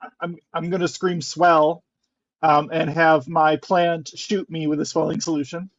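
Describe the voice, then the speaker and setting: A man's voice: fairly high pitch, flat delivery, moderate pace. A man playing in a tabletop game, hesitant, with many ums and restarts, on a dull muffled mic. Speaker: player.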